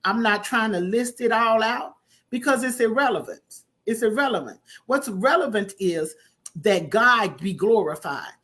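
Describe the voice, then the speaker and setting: A woman preaching a conversational sermon, calling listeners honey and baby and breaking into loud emphatic bursts. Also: a little high, animated, measured pace. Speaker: prophetess preaching online.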